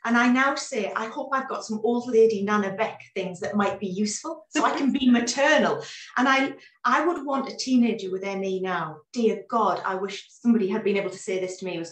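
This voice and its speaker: A woman in her forties talks through her story in a casual interview, animated and full of restarts. Her voice sits in a roomy, echoey space. She is a little far from the microphone, as on a video call. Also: medium pitch, brisk. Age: 40s. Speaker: guest.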